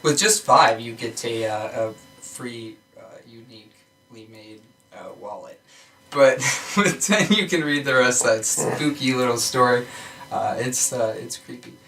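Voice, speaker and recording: A man reading a short story aloud on a podcast, steady and plain, with some restarts and fillers. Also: medium pitch, a little slow, far from the mic, faint music behind, rough recording.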